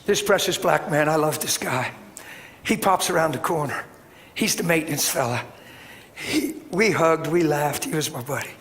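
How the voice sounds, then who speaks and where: A man preaching a sermon in animated, plain-spoken storytelling. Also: on the high side, moderate pace. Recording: echoey hall, faint background noise.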